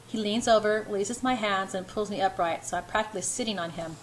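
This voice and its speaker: A woman's voice: medium pitch, fast talker, slight background noise, poor audio. A woman reading a romance novel aloud in an unpolished first-person voice. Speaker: amateur reader.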